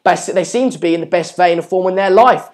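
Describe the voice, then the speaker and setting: Speaking fairly quickly in a high register, a young man runs a live watchalong of a football match. He chats through the action and viewers' comments with plenty of ums, and he keeps asking the audience to subscribe.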